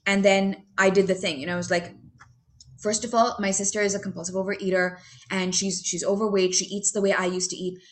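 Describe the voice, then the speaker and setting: A young adult woman giving a heartfelt, halting personal testimony about her recovery, full of fillers and restarts. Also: mid-range voice. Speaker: recovery speaker sharing her story.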